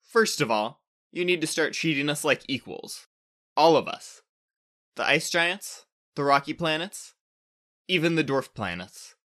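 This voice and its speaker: A man's voice: on the high side, animated, measured pace, pushed and bright, pitched above the performer's own voice. Storybook role: a brash, insistent male ice giant, put on by a man narrator. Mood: defiant. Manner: defiant, insistent. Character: defiant male ice-giant planet, bold rebel.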